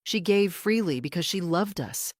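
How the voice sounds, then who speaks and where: A woman's voice: fairly low pitch, animated, normal speed, no room sound, clean studio sound, pitched above the performer's own voice. A woman voicing a middle-aged daughter on the witness stand, pleading and defensive as her voice breaks.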